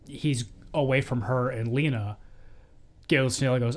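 A man's voice: medium pitch, measured pace. Man giving candid opinions in casual chat. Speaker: podcast co-host discussing a film.

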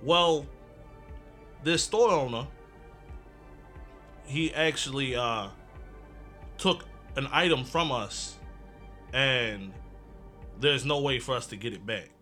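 A man's voice: medium pitch, lively intonation, takes it slowly, long pauses, bright, forceful tone, soft background music. A man playing a tabletop game, speaking in character in a hesitant, pleading way. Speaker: player. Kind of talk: casual in-character play.

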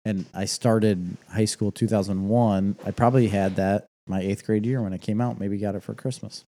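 A man's voice: fairly low pitch, steady tone, moderate pace, mellow. A man in his late thirties co-hosting a casual chat, teasing and jokey. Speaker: podcast co-host.

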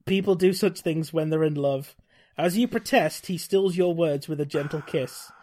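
A man with a high-pitched voice reads an old fantasy gamebook aloud, sliding in and out of quick put-on voices for the characters. His asides are dry and sarcastic, and he keeps amusing himself as he goes. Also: dark tone. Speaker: podcast host reading a gamebook aloud. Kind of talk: casual chat, reading aloud with asides.

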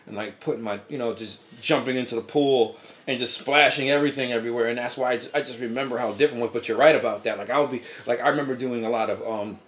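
A man's voice: mid-range voice, fast talker, fairly bright tone. A man co-hosting a podcast, telling rambling, profane stories in casual chat. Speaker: podcast co-host.

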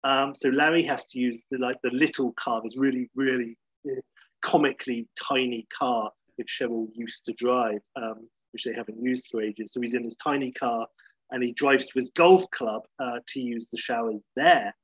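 A man's voice: mid-range voice, fairly even intonation, normal speed, a bit bright, breathy edge, dry recording, highs cut off. A man casually retelling a comedy episode, chatty and full of fillers. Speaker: comedy recapper.

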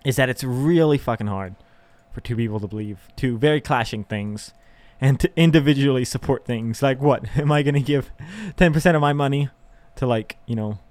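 A young man talks through his frustrations in a candid, profane monologue, laughing and sighing as he goes. His voice sits at an ordinary middle pitch. The recording is dry and close, with no room echo. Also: a little mellow. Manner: ranting, profane, with frequent laughs and sighs; emotional and exasperated.

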